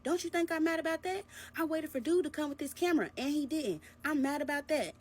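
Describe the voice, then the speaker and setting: A woman voicing a frantic, defensive man who screams his excuses in a shrill, indignant voice. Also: fast talker, a little mellow, close to an everyday voice. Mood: screaming indignant.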